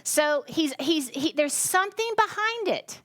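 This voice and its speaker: High-voiced woman preaching conversationally. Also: lively intonation, measured pace, fairly bright tone. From United States. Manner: chatty, self-interrupting, asks the congregation questions. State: tired. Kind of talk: conversational sermon.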